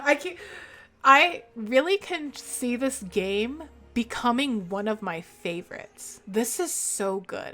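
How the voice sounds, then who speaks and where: A young woman game streamer venting in casual, swear-filled bursts, her voice bright and a touch high. She talks slowly and emphatically, with faint music under her stream. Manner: vented, expletive-heavy, emphatic. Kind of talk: casual live-stream chat.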